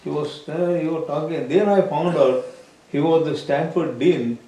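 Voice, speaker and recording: A man telling a short story in a casual, hesitant way with pauses and "uh"s. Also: on the high side, mellow. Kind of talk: casual conversation. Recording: distant, roomy.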